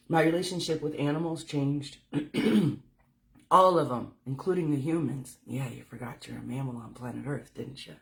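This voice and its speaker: A woman giving a casual livestream talk as a spiritual speaker. She talks candidly and swears freely as she tells her story. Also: low-pitched. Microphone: phone.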